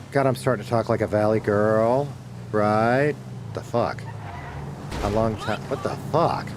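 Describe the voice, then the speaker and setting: A man's voice: on the low side, background noise. A middle-aged man streaming a game from home, chatting casually with viewers, rambling and swearing as he corrects himself. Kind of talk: casual chat while gaming.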